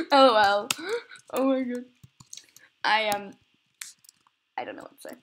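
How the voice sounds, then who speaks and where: A young woman records herself playing a game, chatting casually and rambling, with a medium-pitched, sing-song, fairly bright voice. She speaks at a measured pace with long pauses, giggling and laughing at herself often, over a little hiss or hum.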